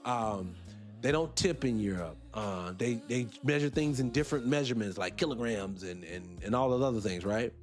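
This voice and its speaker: A man's voice: medium pitch, normal speed, faint music behind. A middle-aged man from the United States hosting a casual livestream, talking emphatically and firing off rhetorical questions. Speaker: livestream host.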